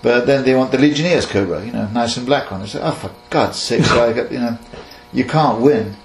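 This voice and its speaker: A man from Kenya in his sixties, an animal handler telling stories in a lively, laughing way and acting out bits of dialogue. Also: mid-range voice, fairly quick, faint music behind. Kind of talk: casual interview storytelling. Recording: echoey room with mains hum.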